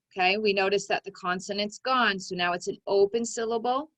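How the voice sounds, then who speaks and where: A woman teaching a phonics lesson to young children, sounding out each word part slowly and clearly. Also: mid-range voice, fairly bright tone, dry recording, low-quality recording.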